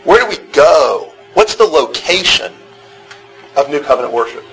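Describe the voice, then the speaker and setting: A man's voice: fairly high pitch, sing-song, normal speed, fairly bright tone, faint music behind, low-quality recording. A man teaching a Bible class, talking conversationally, asking the group questions and often repeating words as he restarts. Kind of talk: interactive church class lecture.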